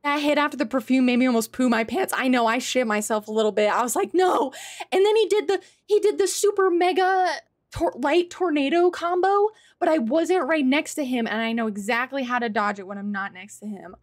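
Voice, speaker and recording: A woman streaming a game live, talking to her chat in an excitable way and swearing often. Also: high-pitched, fairly quick. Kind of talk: live gameplay commentary.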